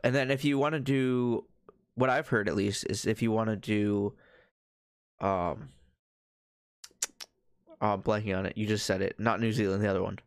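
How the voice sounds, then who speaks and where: A man's voice: fairly low pitch, steady tone, normal speed, pauses often, clean tone, no room sound, clean studio sound. A man co-hosting a podcast in casual chat. He talks in a laid-back, musing way and often trails off. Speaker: podcast co-host.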